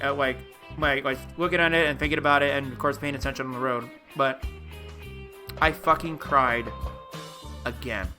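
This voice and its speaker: A man's voice: on the high side, pushed and bright. A young man streaming live, talking casually to his chat in an emotional, rambling way, often saying dude. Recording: clear music playing behind. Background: music playing.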